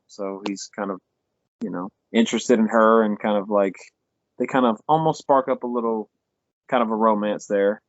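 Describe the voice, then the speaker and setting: Podcast co-host, male, low voice, loose rambling plot recap with cursing, dull dry lo-fi sound. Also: steady tone, moderate pace, no room sound. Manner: rambling retelling with acted-out quotes, swears freely. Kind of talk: casual film review chat.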